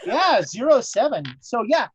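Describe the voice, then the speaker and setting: A man's voice: very high-pitched, very animated, measured pace, highs cut off. A man narrating a tabletop horror game as game master, rambling with many fillers.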